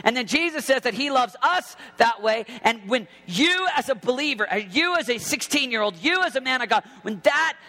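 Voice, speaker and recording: A man in his thirties preaching an impassioned sermon to teenagers as a youth pastor, often shouting. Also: very high-pitched, animated, normal speed, few pauses. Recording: long hall reverb.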